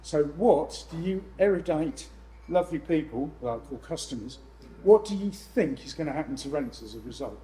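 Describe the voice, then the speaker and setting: A man presenting to a room of landlords, lively and jokey with exasperated asides. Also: fairly high pitch, moderate pace, few pauses, rough recording. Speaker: letting agent speaking at a landlord event. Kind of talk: live seminar presentation.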